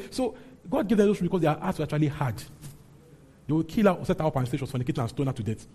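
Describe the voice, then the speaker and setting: A man's voice: fairly high pitch, expressive, fast talker, darkish tone. A man preaching a sermon as pastor, emphatic and often checking in with his congregation. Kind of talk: sermon teaching and prayer.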